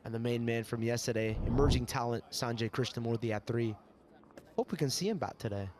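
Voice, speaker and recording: A man's voice: medium pitch, fairly quick, very noisy. Chatty male cricket commentator. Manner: chatty, excitable on big shots. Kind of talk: live sports commentary.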